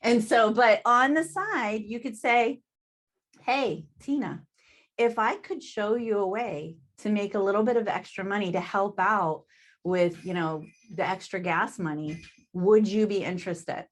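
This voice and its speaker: A woman's voice: mid-range voice, measured pace. A woman giving a chatty sales training talk over a video call, often laughing and asking "right?".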